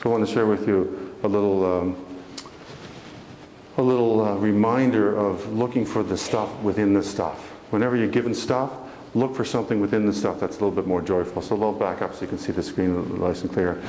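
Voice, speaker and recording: A man's voice: fairly low pitch, fairly even intonation, fairly quick, mellow, a little hiss or hum. A man speaking as a motivational speaker to a live audience, earnest and folksy, often asking the audience questions. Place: church hall. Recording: echoey hall from far off.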